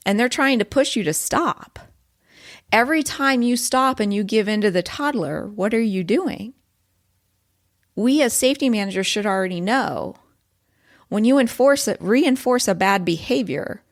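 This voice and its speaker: Chatty woman hosting a safety podcast. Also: medium pitch. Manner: animated and conversational, often asks "right?". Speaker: podcast host, safety professional. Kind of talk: casual solo podcast talk.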